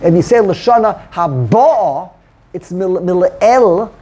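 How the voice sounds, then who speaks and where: A man's voice: high voice, expressive, slow pace, a little mellow, breathy edge. A man teaching a Torah study class, explaining verses and mixing Hebrew terms into his English.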